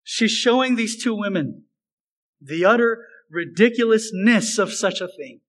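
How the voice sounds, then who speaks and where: A man's voice: high voice, expressive, unhurried, a bit bright, low-quality recording. A man preaching a sermon as a pastor, earnest and emphatic, repeating phrases for stress.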